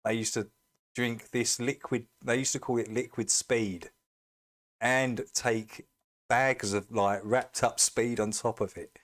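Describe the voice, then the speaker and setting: A man's voice: mid-range voice, steady tone, slow, a bit bright. A man chatting casually as he reacts to a video, amused and laughing easily.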